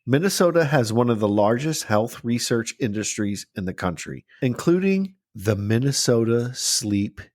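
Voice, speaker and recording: A man's voice: mid-range voice, normal speed, few pauses, no echo, studio quality. A man in his forties co-hosting a podcast in casual chat, swearing freely and joking around. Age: 40s. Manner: swears freely, jokey and animated. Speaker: podcast co-host.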